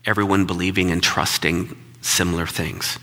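A man's voice: sits low, fairly even intonation, moderate pace, bright, forceful tone, in a large hall. A middle-aged male pastor telling a personal story in a conversational, reflective sermon. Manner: conversational, reflective, repeats words when emphatic.

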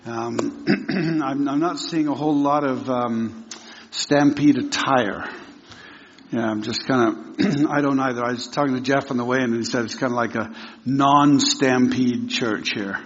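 A man on a church teaching team, giving a casual, joking sermon with many restarts and throat clearing. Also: medium pitch, unhurried, slight background noise. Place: church hall. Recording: echoey hall, dull lo-fi sound.

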